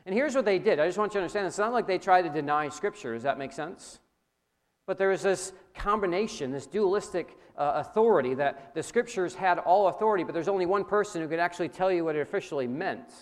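Male preacher, slightly higher voice, lively lecturing sermon delivery. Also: quick pace. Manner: animated, rising emphasis, addresses audience directly.

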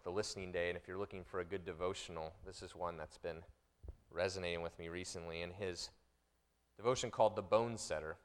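A middle-aged pastor delivers a sermon in a lowish voice. He rises to loud, fervent passages and drops to hushed, intimate ones. The talk is plain and direct, with casual asides to his listeners. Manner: swings between loud impassioned preaching and quiet intimate tones.

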